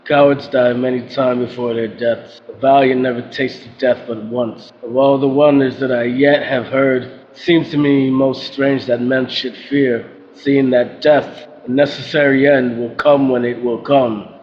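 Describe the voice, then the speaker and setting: A man's voice: mid-range voice, level tone, measured pace, hardly any pauses, natural voice. A man playing a proud commanding Roman ruler. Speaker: actor playing Caesar. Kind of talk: amateur audio drama. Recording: dull lo-fi with faint noise.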